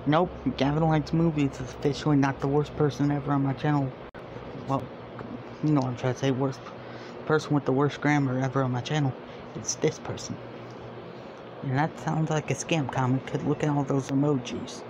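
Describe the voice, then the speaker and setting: A man's voice: mid-range voice, level tone, normal speed, lo-fi sound, background noise. A young man making a casual vlog, reading viewer comments aloud in an exasperated way. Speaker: YouTuber.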